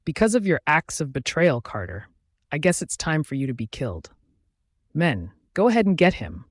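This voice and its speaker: A man's voice: on the high side, big pitch swings, normal speed, no echo, clean studio sound. A man voicing a cruel, mocking young male villain with a sneering manner.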